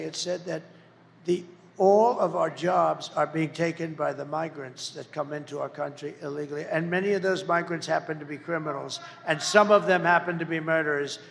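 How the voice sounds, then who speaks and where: Male candidate at a rally mic: gravelly, pitched fairly high for a man, rambling and mocking, big hall reverb. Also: a little hiss or hum. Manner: rambling, mocking and emphatic, breaking into shouts. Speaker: political candidate. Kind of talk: campaign rally speech. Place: large rally venue.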